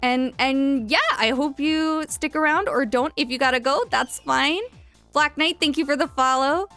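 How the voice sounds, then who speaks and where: This is casual live-stream chat over gameplay from a young woman who giggles, thanks her followers and reads game lines aloud. Her voice is high-pitched and fairly bright, at normal speed, with faint music behind.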